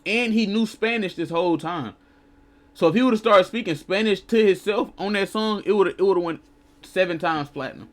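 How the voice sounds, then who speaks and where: A man's voice: sits high, normal speed. A man casually commenting live on a video, talking in a loose, rambling, self-interrupting way. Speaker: streamer reacting to a video.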